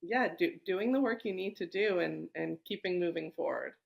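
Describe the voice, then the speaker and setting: A woman's voice: fairly low pitch, moderate pace, vocal fry, dull audio. A woman guest in a podcast interview, speaking reflectively with frequent restarts. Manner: reflective, many restarts and fillers. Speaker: guest entrepreneur. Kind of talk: conversational interview.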